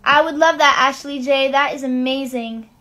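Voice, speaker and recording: A woman's voice: sits high, moderate pace. A young woman hosting a casual livestream, chatting to viewers, reading out their comments and answering them. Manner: chatty and relaxed between songs, singing to ukulele. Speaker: livestream host and singer. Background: her own ukulele playing.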